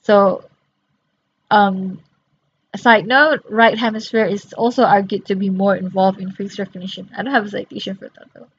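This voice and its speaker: A woman's voice: medium pitch, steady tone, moderate pace, slightly rough. A very sleepy young woman reading her study notes aloud and explaining them in a rambling way, with many fillers and restarts. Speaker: student reviewing course notes. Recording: slightly dull lo-fi audio.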